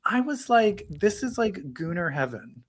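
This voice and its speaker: A man co-hosting a podcast in casual chat, gushing and swearing with excitement. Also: sits high, a little slow, breathy edge. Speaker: podcast co-host.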